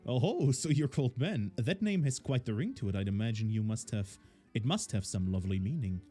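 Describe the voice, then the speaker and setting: Fussy courteous professor read by a man, lively and sing-song, soft game music under it. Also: mid-range voice, fairly quick, breathy edge. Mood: fussy politeness. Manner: courteous, old-fashioned formal phrasing. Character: fussy, polite male professor, middle-aged. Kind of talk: reading game dialogue aloud in character.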